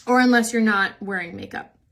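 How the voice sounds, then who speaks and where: A woman's voice: medium pitch, brisk, vocal fry, a bit bright. A young woman hosting a makeup live stream, chatting casually and answering viewer comments, rambling and saying "like" a lot and laughing easily.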